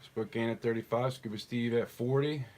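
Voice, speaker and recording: A man's voice: medium pitch, steady tone, moderate pace, darkish tone, a little hiss or hum. A man hosting a live online auction, calling out bids and chatting in rambling asides between them. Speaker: live auction stream host.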